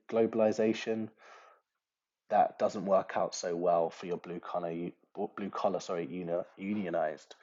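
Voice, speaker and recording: A man teaches a recorded lesson in a low, mellow voice. He talks casually and fills pauses with ums and uhs. The recording sounds dull and lo-fi. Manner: conversational, many fillers.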